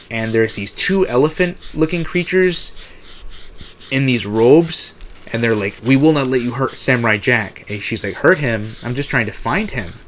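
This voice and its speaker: A man giving a casual recap of a TV episode, rambling with restarts and the odd swear word. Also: medium pitch. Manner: rambling, many fillers and restarts, frequent swearing. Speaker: TV episode reviewer.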